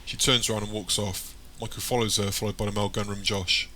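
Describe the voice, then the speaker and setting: A man reading an audiobook chapter in plain, even scripted narration. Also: lowish voice, fast talker, a little hiss or hum.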